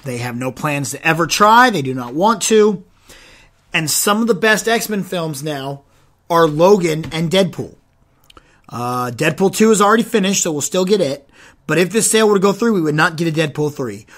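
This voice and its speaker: A young man with a slightly raised voice hosts a solo podcast. He talks in an animated, rambling way. He often restarts and stumbles over his words. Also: fairly high pitch, moderate pace. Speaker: podcast host.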